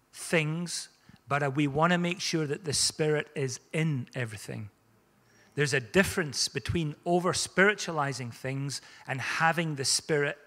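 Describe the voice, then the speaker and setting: A man's voice: fairly high pitch, fairly bright tone. A middle-aged man, a pastor, preaching a conversational sermon with touches of self-deprecating humor. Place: church sanctuary. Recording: long hall reverb.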